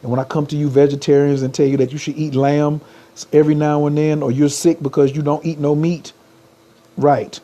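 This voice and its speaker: Mellow-voiced man preaching slogans on a livestream. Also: fairly high pitch, flat delivery, fairly quick. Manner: preachy, repeats slogans, urges viewers to type. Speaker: spiritual life coach. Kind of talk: livestream motivational talk.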